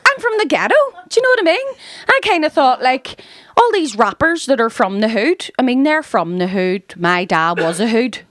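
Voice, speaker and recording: A woman from West Belfast with a Belfast accent doing a stand-up set, with brash, sweary banter aimed at the crowd. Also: high voice. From West Belfast, Northern Ireland. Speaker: stand-up comedian. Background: live audience laughing.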